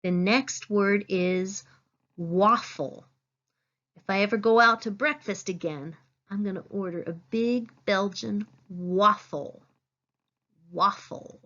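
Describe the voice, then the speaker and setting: A woman teacher giving a phonics lesson, saying each word slowly and clearly and stressing it. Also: medium pitch, fairly bright tone, muffled recording. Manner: slow, clear teacherly dictation, stressing words.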